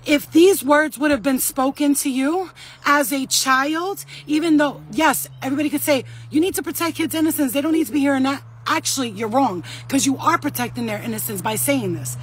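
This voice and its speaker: A woman's voice: high-pitched, a little fast. A woman in her thirties, sweaty and shaken, giving an urgent, blunt and profane talk to camera as a vlogger.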